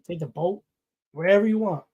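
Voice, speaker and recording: A man's voice: high-pitched, brisk, warm tone, husky, muffled recording. A man co-hosting a casual comic book livestream, laid-back and joking with casual swearing. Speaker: co-host.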